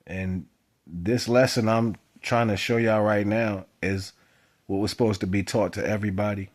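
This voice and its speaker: Man, spiritual vlog talk, emphatic, swings from soft to loud. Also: lowish voice, fairly even intonation, normal speed. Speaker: spiritual vlogger. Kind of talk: preaching monologue to camera.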